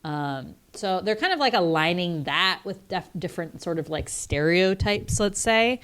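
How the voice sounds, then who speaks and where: A woman's voice: lowish voice, expressive, unhurried, a bit bright, clean tone. A woman co-hosting a podcast, talking over a film in casual chat and thinking aloud as she goes. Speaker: podcast co-host.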